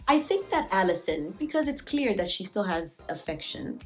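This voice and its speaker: A woman's voice: medium pitch, sing-song, moderate pace, hardly any pauses, soft background music. A woman recapping a TV episode in a casual vlog, joking and slangy. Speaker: TV show reviewer.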